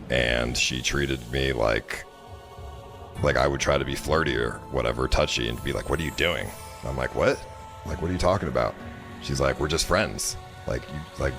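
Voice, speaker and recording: Very deep-voiced man ranting. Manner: frustrated, rambling, heavy on "like" fillers. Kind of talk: casual storytelling rant.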